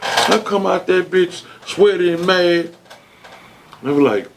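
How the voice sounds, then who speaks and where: As an interview guest, a man spins a long story, swearing freely and acting out the quotes with animated flair. His voice sits high and gravelly, a little slow, with long pauses.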